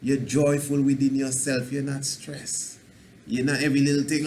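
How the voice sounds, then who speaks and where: Man, spiritual teacher on a radio talk; loose preachy delivery, mid pitch, faint noise under it. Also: level tone, normal speed, a little mellow. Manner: preachy, rambling, plays out little scenes in a dialect voice. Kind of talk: radio self-help talk.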